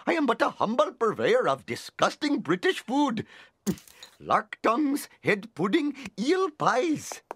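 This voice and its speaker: Meek food vendor, cartoon, anxious pleading, husky, lively pitch. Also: male voice, a little slow, no echo, exaggerated voice.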